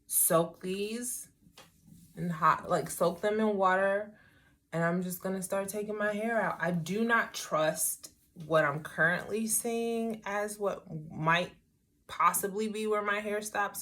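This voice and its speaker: A middle-aged woman talks casually through a hair tutorial, rambling and tossing wry asides to herself. Her voice is on the low side and slightly bright.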